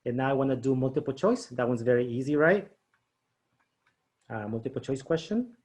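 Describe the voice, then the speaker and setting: A man's voice: mid-range voice, expressive, brisk, darkish tone. A man leading a teacher training session, walking through quiz setup on screen and checking in often with "okay?" and "right?". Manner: chatty, frequent "okay?" and "right?" check-ins, thinks aloud. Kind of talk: screen-share training demo.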